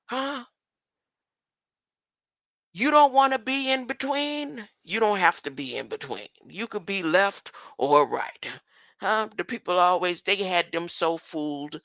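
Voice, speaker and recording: A woman's voice: fairly low pitch, measured pace, a bit bright, no echo, dull audio. An older woman talking in a rambling monologue, often stopping to ask "huh?" and chuckling between thoughts. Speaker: online commentator.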